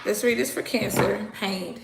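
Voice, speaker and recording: A woman's voice: mid-range voice, fairly even intonation, normal speed, vocal fry, reverberant, heavy background noise. A woman doing a casual tarot reading, talking bluntly and chattily straight to her viewers, sometimes swearing. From United States. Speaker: tarot reader.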